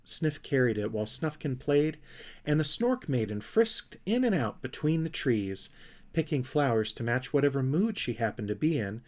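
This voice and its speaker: A man narrating a children's storybook aloud in a gentle, expressive manner. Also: medium pitch, moderate pace. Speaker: audiobook reader.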